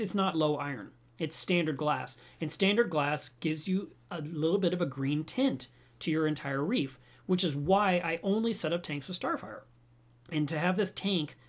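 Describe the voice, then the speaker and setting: A man hosting a reef aquarium channel, chatting casually with viewers and telling stories in an animated way, with frequent restarts and chuckles. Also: on the high side. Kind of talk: casual live chat answering viewer comments.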